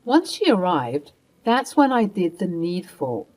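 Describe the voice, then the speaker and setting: A woman's voice: on the low side, sing-song, measured pace, darkish tone. A woman narrating a first-person family drama story and speaking her own coldly assertive lines.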